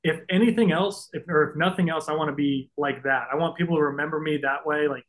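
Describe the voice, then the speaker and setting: A man's voice: a little high, fast talker, a bit bright, low-quality recording. Earnest, emotional man talking casually. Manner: earnest, openly emotional, many fillers. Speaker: guest, pro baseball pitcher. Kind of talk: casual podcast interview.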